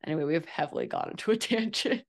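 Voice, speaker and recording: Woman co-host, casual and chatty, slightly low pitch, playful with words. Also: animated, rapid-fire, creaky. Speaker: podcast co-host. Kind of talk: casual chat.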